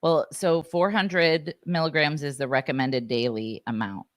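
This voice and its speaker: A woman's voice: low-pitched, steady tone, measured pace, dry recording, clean studio sound. A woman co-hosting a podcast in casual chat, self-deprecating and acting out quoted voices as she tells stories. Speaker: podcast co-host.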